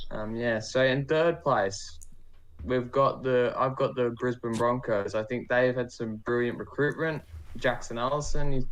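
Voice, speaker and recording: A man co-hosting a casual podcast, easygoing and rambling, often correcting himself. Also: medium pitch. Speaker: podcast co-host giving predictions.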